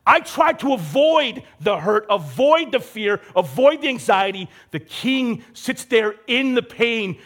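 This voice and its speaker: A man's voice: very high-pitched, a bit bright. A young man preaching a casual, conversational sermon, acting out the characters he quotes. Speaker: pastor.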